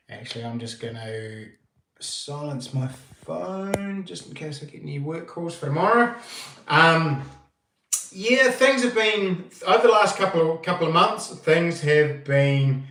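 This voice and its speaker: A New Zealand man hosts a casual livestream, greeting viewers one by one at an unhurried pace. His voice sits a little high and comes from a step back from the mic. The empty room around him gives off a strong echo. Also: a bit bright, far from the mic. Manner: greets viewers by name, slow and laid-back. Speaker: livestream host. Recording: echoey room, voice a bit off-mic.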